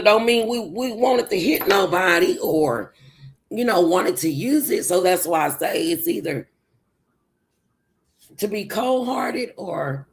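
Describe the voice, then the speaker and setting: Slow, gravelly Southern country woman. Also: medium pitch. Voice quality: sleepy, gravelly, sounds like she just woke up. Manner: rambling, reads and answers chat comments. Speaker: livestream host. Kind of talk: casual livestream chat.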